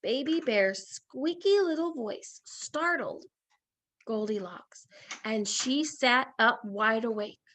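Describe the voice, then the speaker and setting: A woman teacher reading a story aloud in a lesson, expressive and asking questions. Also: a little high, slow, a little hiss or hum.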